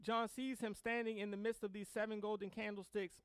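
A man delivering a sermon in a high, smooth, resonant voice. He reads scripture in slow, measured phrases, then builds to emphatic preaching with casual asides. The sound is dry and close. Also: little pitch movement, no room sound. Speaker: pastor.

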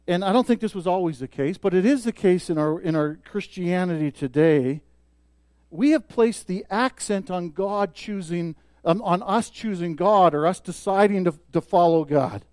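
High-voiced emphatic male preacher. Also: normal speed, dry recording. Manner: emphatic preaching, rising loud on key points and dropping soft. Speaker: pastor. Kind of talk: sermon.

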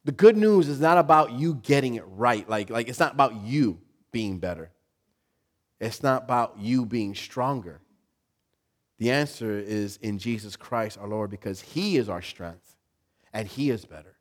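Animated man preaching a sermon. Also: unhurried. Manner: animated, acts out inner voices, jumps to loud high pitch; repeats words and restarts, laughs with the congregation. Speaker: pastor.

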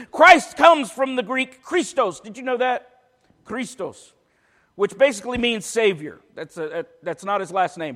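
A man preaching a sermon as pastor, mixing joking asides with forceful preaching. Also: high voice, big-room sound. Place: church.

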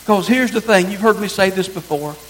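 A man's voice: sits high, fairly quick, a bit bright, rough recording. A man preaching a sermon as pastor, earnest and emphatic, driving his points home through repetition.

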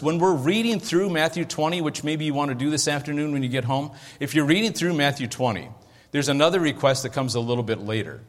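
A man preaching a sermon as pastor, in a conversational way, often checking that his listeners are following. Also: medium pitch. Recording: long hall reverb.

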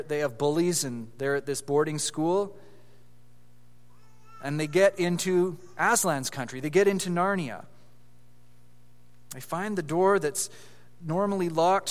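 A man's voice: sits high, in a large hall. A man reading a children's story aloud with expression, then explaining it with growing animation as a preacher.

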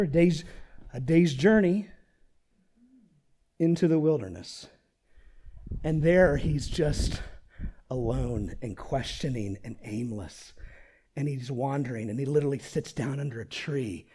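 Male pastor, somewhat high, very lively delivery; animated sermon with hushed drops and questions to the congregation. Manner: animated preaching, swinging from loud peaks to near-whispers.

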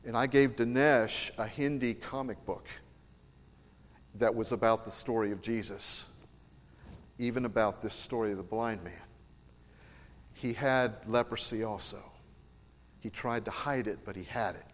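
A man's voice: fairly low pitch, fairly even intonation, unhurried, pauses often. A middle-aged man preaching, telling a personal story in an emphatic, earnest way. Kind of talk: storytelling sermon. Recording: long reverb of a large hall.

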